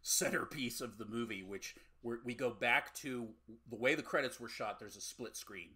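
A man co-hosts a casual podcast and rambles through a movie recap with dry jokes. His voice is husky, with a bright edge. He pads his lines with plenty of fillers. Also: mid-range voice, moderate pace. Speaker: podcast co-host.

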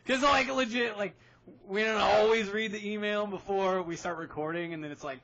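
A man hosting a casual podcast, talking in an excitable, rambling way with quick laughs. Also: sits high. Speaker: podcast host. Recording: dull lo-fi podcast audio.

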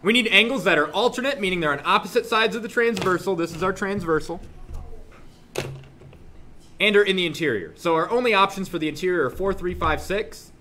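A young man teaching a math class, joking with students and suddenly yelling for effect, recorded in a classroom. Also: high-pitched, fairly quick, slight background noise. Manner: joking, animated, shouts suddenly. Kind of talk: classroom lesson.

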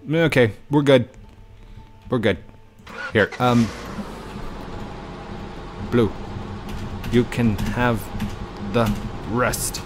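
A man hosting a gaming video, commentating in an excitable, rushed and joking manner. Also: mid-range voice, music in the background. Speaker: gaming channel host. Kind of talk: game commentary.

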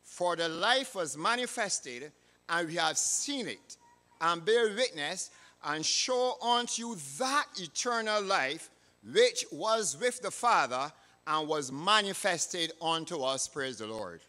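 Barbadian man, church elder, measured emphatic sermon, high voice, long hall reverb. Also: expressive, bright, forceful tone. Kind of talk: sermon with a read-aloud story.

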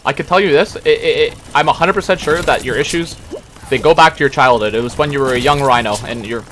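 A young man streaming a game live, chatting and joking with his chat and shouting at the game. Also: medium pitch, quick pace, faint music behind. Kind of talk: live gaming stream commentary.

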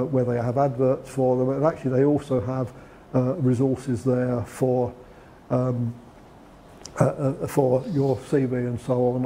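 A man's voice: mid-range voice, warm tone, slight background noise. A man giving a talk on preparing a CV, conversational, with frequent restarts and fillers. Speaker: guest lecturer. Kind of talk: lecture on preparing a CV.

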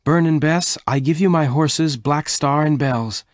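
A man doing an eager, warm young woman. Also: measured pace, no room sound, clean studio sound, lightly acted. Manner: raised pitch, excited exclamations.

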